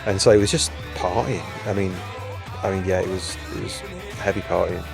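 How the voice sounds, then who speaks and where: A man's voice: deep voice, fairly even intonation, gravelly, over music. A male band member reminiscing in an interview, rambling and full of fillers. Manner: rapid, rambling, filler-heavy talk.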